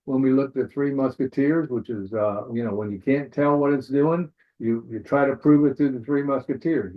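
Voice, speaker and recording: A man's voice: mid-range voice, moderate pace, hardly any pauses. Man teaching trades over tinny webinar audio. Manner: casual, repeats "all right" often, thinks aloud. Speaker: forex trading instructor. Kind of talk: live webinar chart walkthrough.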